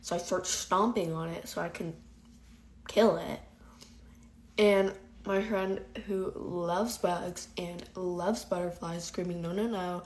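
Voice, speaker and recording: A woman's voice: on the low side, slow. Chatty young woman with a slight lisp. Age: young adult. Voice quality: slight lisp from teeth whitening strips. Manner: chatty, animated, lots of "like". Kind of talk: get-ready-with-me storytime.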